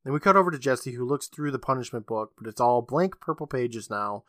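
Man, podcast co-host, casual joking storyteller, bright tone. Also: medium pitch, animated, a little fast, dry recording, studio quality. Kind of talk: casual episode recap.

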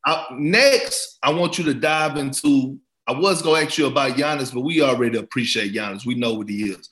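A man's voice: medium pitch, brisk, fairly bright tone. A man hosting a sports podcast in a playful, joking, casual way. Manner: playful, joking, laughs often. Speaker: podcast host, former player.

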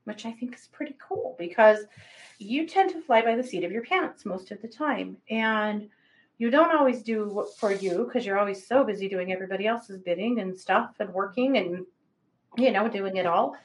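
A woman co-hosting a livestream, giving chatty, animated astrology readings and laughing often. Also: medium pitch, normal speed, low-quality recording. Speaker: psychic reader, co-host.

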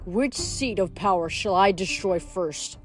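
A woman reading aloud, voicing a menacing male Titan villain who gloats in a slow, drawn-out way. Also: mid-range voice, faint music behind, close to an everyday voice. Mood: gloating menace.

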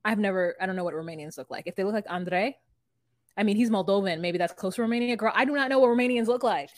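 A woman's voice: mid-range voice, quick pace, no room sound, studio quality. A woman co-hosting a podcast, chatting casually in a rambling, frank way full of "like" and the odd curse word. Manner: rambling, lots of "like", frank and profane. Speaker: podcast co-host. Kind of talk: casual recap chat.

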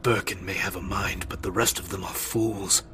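A man voicing a genial older male mad scientist turned fanatic, speaking softly and often in a whisper. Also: low-pitched, steady tone, moderate pace, soft background music. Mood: menacing.

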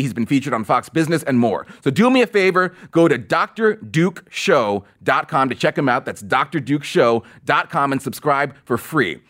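A man hosting a political commentary podcast, full of sarcasm and mockery. His voice sits fairly high for a man and swings widely in pitch. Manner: sarcastic, mocking and animated. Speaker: podcast host.

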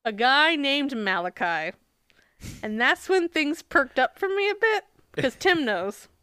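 A woman's voice: sits high, lively intonation, slow pace, bright, forceful tone, dry recording, clean studio sound. A woman co-hosting a podcast in casual chat, sarcastic and swearing often as she retells a book. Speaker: podcast co-host.

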